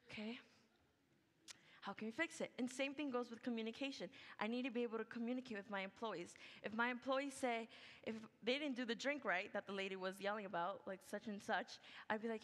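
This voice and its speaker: A woman's voice: medium pitch, fairly quick. A young adult woman giving a senior project presentation, chatty and upbeat, full of "like" and "okay". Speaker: student presenter. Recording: long hall reverb.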